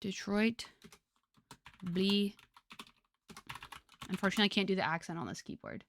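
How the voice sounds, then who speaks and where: Bright, chatty young woman streamer. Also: on the low side, sing-song, racing, gravelly, a little hiss or hum. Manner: chatty, laughs often, lots of fillers. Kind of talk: casual chat with viewers.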